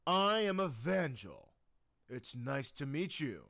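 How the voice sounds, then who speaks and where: A man voicing a pompous, grandiose male mech pilot who booms out boastful declarations. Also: big pitch swings, slow, gravelly, a bit bright, exaggerated voice. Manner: booming, boastful.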